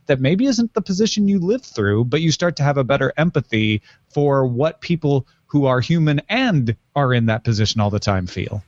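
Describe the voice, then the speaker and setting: A man's voice: mid-range voice, very animated, moderate pace, hardly any pauses, a little mellow, dry recording, highs cut off. A man co-hosting a podcast, talking through a novel's themes in a thoughtful, explaining way. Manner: thoughtful, explains at length with frequent fillers. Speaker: podcast co-host. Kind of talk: casual book discussion.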